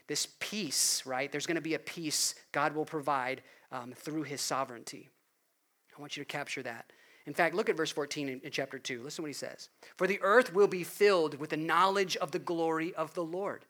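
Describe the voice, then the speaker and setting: A man preaching a sermon in an earnest way, rising to loud emphasis and dropping to hushed appeals. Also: a little high. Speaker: pastor.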